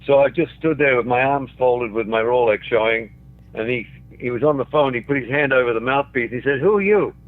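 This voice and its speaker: A man's voice: mid-range voice, fairly even intonation, a little fast, soft background music. An older man from Australia, a guest telling anecdotes with chuckles along the way. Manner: chuckles through his own stories. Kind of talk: anecdotal storytelling. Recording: tinny phone line.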